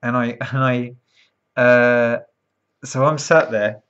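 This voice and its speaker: A man's voice: medium pitch, takes it slowly, smooth. Chatty man, lo-fi sound. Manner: animated, acts out quoted voices, frequent ums and restarts. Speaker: streamer telling a story. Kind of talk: casual storytelling. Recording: dull lo-fi sound.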